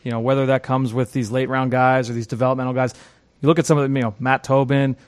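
A man co-hosting a casual sports discussion, talking quickly and filling his sentences with "you know". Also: medium pitch, little pitch movement, clean tone, dry recording. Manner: rapid, peppered with "you know". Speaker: co-host.

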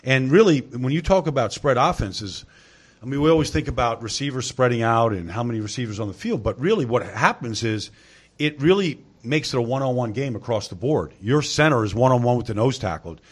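A man at an everyday middle pitch explaining football tactics in a relaxed sports talk segment. He talks at length, often pausing to say "I mean" before the next point. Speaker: football analyst. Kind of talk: casual sports discussion.

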